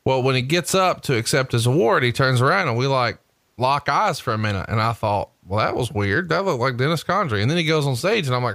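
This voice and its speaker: A man hosting a podcast, telling stories in a chatty, animated way. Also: medium pitch, a little fast, no room sound. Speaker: podcast host. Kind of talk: casual chat.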